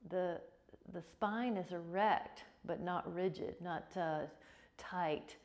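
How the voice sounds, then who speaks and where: A woman teaching a yoga class, giving calm, encouraging cues with repeated prompts to breathe. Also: on the low side, takes it slowly. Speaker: yoga instructor. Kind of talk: guided yoga class instruction.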